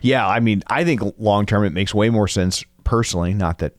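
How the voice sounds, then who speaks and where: A man's voice: on the low side, a little fast, no echo. A man co-hosting a podcast in casual chat, full of playful jokes and made-up asides. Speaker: podcast co-host.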